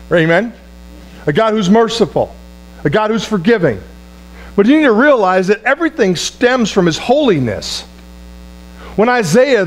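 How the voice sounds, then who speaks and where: A man with a notably high voice preaches to his congregation, leaning hard on repeated words and asking for an amen. He stumbles and restarts phrases as he goes. A low electrical hum sits under the recording. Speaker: pastor. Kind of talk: sermon.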